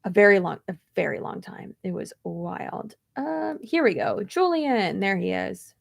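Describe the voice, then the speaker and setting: A woman vlogger tells a story in loose casual chat, full of fillers, restarts and animated asides. Her voice carries a gravelly, fry-tinged edge at a middle pitch. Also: measured pace. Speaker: beauty vlogger.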